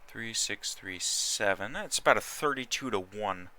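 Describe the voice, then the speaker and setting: A man's voice: on the low side, animated, measured pace, pushed and bright, poor audio. A man giving casual commentary while playing a strategy game, thinking aloud with many fillers and restarts. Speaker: gaming channel host.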